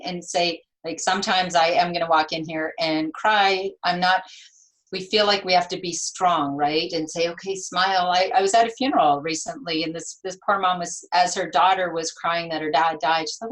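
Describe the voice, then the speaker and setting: A woman's voice: on the low side, normal speed, rough recording. A woman in her fifties, a nurse and author, speaking earnestly as an interview guest and acting out the things people say. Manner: earnest, expressive, acts out quoted dialogue. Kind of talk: interview conversation.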